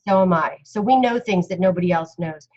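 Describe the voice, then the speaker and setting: A woman's voice: on the low side, fairly quick, a little mellow, highs cut off. A woman doing an astrology reading on a casual live stream, blunt and chatty, with casual swearing. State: cold, shivering. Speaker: astrology reader.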